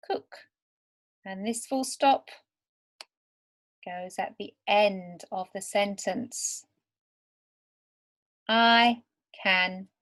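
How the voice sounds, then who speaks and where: A woman teaching English to beginners over slides, speaking slowly and deliberately word by word. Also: mid-range voice, a bit bright. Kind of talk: slow, clear lesson for beginner learners.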